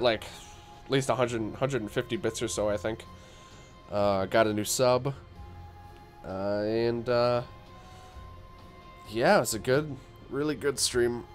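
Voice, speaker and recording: A man's voice: mid-range voice, steady tone, slow pace, long pauses, soft background music. A young man livestreaming a game while sick and tired, chatting casually with viewers, with frequent fillers, restarts and the odd voice crack. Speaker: gaming livestreamer.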